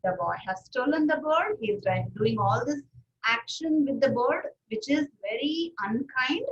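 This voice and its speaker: Woman teacher, high voice, roomy distant sound, asks the class questions. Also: lively intonation, unhurried. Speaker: English teacher. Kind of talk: explaining a story to young pupils. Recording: distant, roomy, muffled recording.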